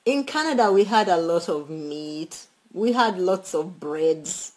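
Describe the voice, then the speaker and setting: A woman chatting casually as a travel vlogger, animated and quick to laugh, speaking to her viewers and calling out friends by name. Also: fairly low pitch, poor audio. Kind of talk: casual travel tips chat.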